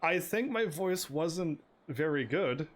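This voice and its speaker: A man's voice: on the high side, lively intonation, slow pace. A man live streaming a game, chatting with his viewers in a casual, stammering way, laughing often. His voice sounds slightly strained. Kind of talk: casual gameplay commentary.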